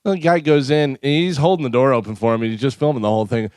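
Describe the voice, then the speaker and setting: A man's voice: mid-range voice, quick pace, clean tone, no room sound, clean studio sound. A male radio co-host in casual morning-show banter, telling stories and acting out little bits. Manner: animated storyteller acting out bits.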